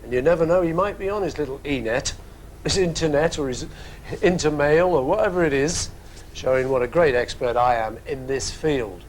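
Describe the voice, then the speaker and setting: A man with a slightly high voice, speaking at normal speed over slight background noise, hosts a music program from a studio. He answers listener questions casually, rambling and joking with playful asides.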